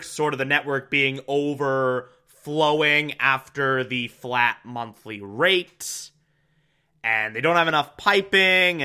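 A man's voice: a little high, sharp tone, clean tone. A man casually recapping a TV episode, chatty, laughing often and swearing.

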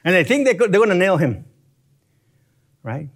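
A man teaching from scripture in an expository sermon, animated and chuckling as he explains grammar step by step. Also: high voice, moderate pace, husky. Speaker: Bible teacher.

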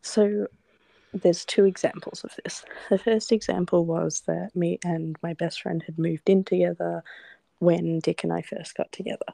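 A woman co-hosting a podcast, chatting in a relaxed way and chiming in on the story. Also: fairly low pitch, normal speed, gravelly, no room sound. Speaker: podcast co-host. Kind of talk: casual chat.

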